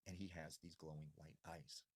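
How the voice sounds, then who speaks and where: A man casually retelling a creepy woods story, getting loud for the shouted parts and dropping low for the eerie ones. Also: flat delivery, normal speed, husky, no room sound. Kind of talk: casual spoken ghost story.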